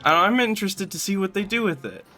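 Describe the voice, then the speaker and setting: A man with a bright, forceful voice and a slightly high pitch, talking loosely and jokily. Faint music plays behind him. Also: animated, fast. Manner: rambling, jokey, tries bad British impressions. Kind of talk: casual chat on a game stream.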